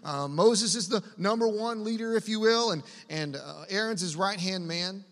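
A pastor delivers a sermon at normal speed in a lively, conversational style, tossing asides to his listeners. His voice is high, bright and forceful, and the church hall adds a long reverb.

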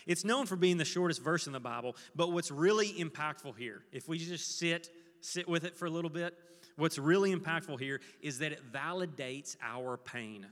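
A man's voice: fairly high pitch, fairly bright tone, in a large hall. A man preaching an earnest sermon as pastor, leading his congregation to repeat a verse with him. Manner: earnest, leads congregation in call-and-response.

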